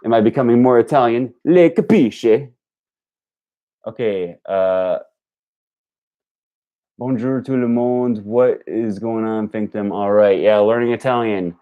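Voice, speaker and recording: A young man on a casual live stream, practicing and repeating phrases out loud while chatting with viewers and correcting himself. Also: on the low side, fairly even intonation, unhurried, smooth, dull audio. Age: young adult. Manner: laughs at own jokes, self-correcting. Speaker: language learning streamer.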